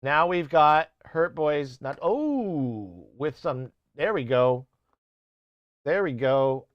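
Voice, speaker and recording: Rambling streamer man, smooth voice. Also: a little high, lively intonation, takes it slowly, no echo, muffled recording. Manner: rambling, swearing, self-interrupting; playful mock accents for chat. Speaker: music streamer. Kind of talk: casual live-stream chat.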